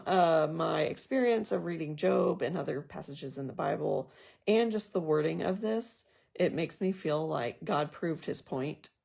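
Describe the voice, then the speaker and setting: A woman's voice: sits low, gravelly, a little mellow, slightly rough. A woman leading a casual Bible study. She reads scripture aloud and then talks through it in a thoughtful, conversational way with personal asides. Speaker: Bible journaling teacher.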